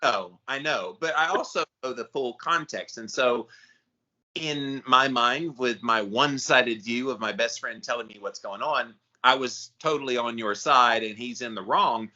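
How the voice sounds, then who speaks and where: A man co-hosting a casual podcast chat, animated and acting out quotes in different voices. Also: medium pitch, unhurried, dull audio. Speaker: podcast co-host.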